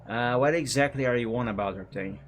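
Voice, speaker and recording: A man streaming a game and chatting casually, relaxed and rambling. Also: medium pitch, brisk, a little hiss or hum. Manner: relaxed, rambling, self-correcting. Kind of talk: casual gameplay commentary.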